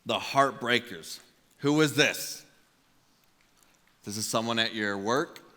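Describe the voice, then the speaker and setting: A man preaching a sermon, telling a comic personal story in an animated way with acted-out quotes, in a large church auditorium. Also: medium pitch, slow. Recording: long hall reverb.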